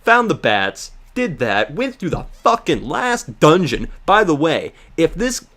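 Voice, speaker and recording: A man casually recapping a video game in a rambling, profane, excitable rant. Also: fairly high pitch, a little slow. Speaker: let's play host.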